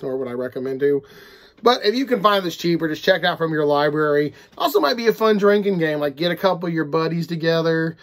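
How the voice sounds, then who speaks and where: Tired, rambling man reviewing a book. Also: on the high side. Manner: rambling, easily breaks into giggles. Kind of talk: casual unedited video review.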